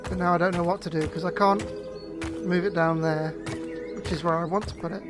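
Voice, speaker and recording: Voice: medium pitch, steady tone, a little fast, over music. A streamer, sleepy and yawning, gives casual, hesitant commentary while playing a puzzle game. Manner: hesitant and rambling, often restarting. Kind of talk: casual let's-play commentary.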